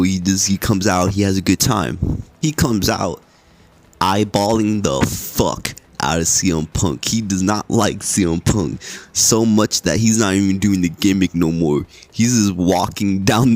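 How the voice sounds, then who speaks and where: A man's voice: low voice, no room sound. A young man hosting a podcast, giving a casual, rambling recap of wrestling in a sleepy, laid-back way with lots of filler words and swearing. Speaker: podcast host.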